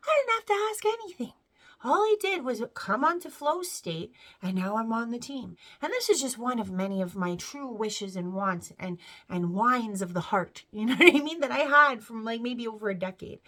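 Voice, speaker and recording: A woman's voice: fairly high pitch, expressive, normal speed, few pauses, a bit bright. A woman in her thirties giving an earnest, rambling spiritual testimony to camera, full of fillers and tearing up as she speaks. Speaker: vlogger sharing a faith testimony.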